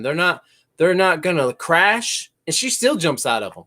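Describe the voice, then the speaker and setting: A man co-hosting a podcast with a lively, bouncing pitch that swings widely. He teases his partner and chats playfully with comments. The talk is casual and jokey throughout. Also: normal speed. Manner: playful, teasing, jokey comedian patter. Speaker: podcast co-host; Navy veteran.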